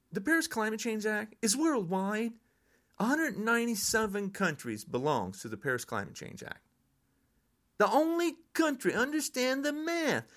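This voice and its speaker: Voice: medium pitch, a bit bright. An older podcast host in a frustrated, angry political rant.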